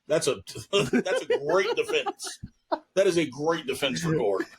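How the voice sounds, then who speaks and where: Young guy cohosting a podcast, husky voice, swoops up and down a lot, loud laughy storytelling. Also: fairly high pitch, huge pitch swings, measured pace, low-quality recording. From New York. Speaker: podcast co-host. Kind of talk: casual chat.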